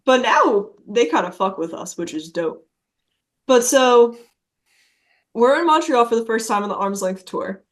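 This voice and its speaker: A young woman musician in a relaxed podcast chat, her voice sitting high and her pace slow and easy. She tells tour stories casually, laughing often and swearing freely. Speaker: touring musician guest.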